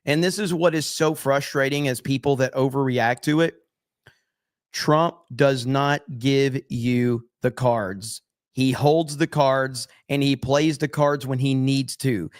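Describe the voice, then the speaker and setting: A man's voice: a little high, no room sound, clean studio sound. A man hosting a live stream, commenting on news clips in an emphatic way and repeating his points. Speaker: streamer host.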